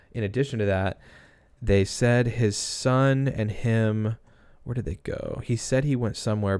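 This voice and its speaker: A man's voice: fairly low pitch, a little mellow. A young man hosting a casual true-crime livestream, thinking aloud and rambling with restarts while reading chat. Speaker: livestream host.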